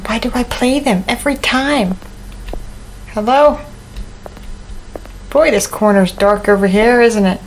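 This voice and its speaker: A woman's voice: mid-range voice, measured pace, pauses often, a little hiss or hum, poor audio. A woman playing a horror game and commenting, talking to herself in a nervous, jumpy, joking way. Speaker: gaming YouTuber.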